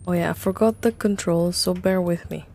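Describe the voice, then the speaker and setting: Streaming a horror game live, a young woman talks to her chat with jumpy reactions and lots of cursing. She has a fairly low pitch, fairly even intonation, a normal speed, and a darkish tone, with slight background noise.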